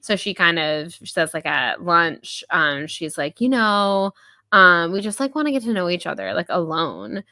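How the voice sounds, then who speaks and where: Chatty woman with a bright, dry voice. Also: on the low side, big pitch swings, no echo. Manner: chatty, many fillers, quick voiced quotes. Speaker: podcast host. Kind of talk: casual book review chat.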